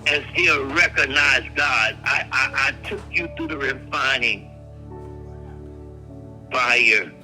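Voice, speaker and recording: A man preaching a fervent prophetic prayer, repeating words and phrases and swinging from hushed tones to shouts. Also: medium pitch, a little slow, hardly any pauses, soft background music, low-quality recording.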